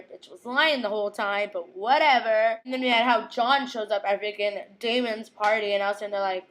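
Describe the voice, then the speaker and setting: A young woman casually recapping a TV episode, gushing, giggling and quoting characters in quick impressions. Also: a little high, fairly even intonation, fairly bright tone.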